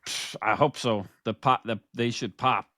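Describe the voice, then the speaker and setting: A man's voice: medium pitch, steady tone, moderate pace, sharp tone, no echo. A man hosting a wrestling podcast in casual chat, stretching out words with hype-man emphasis. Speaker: podcast host.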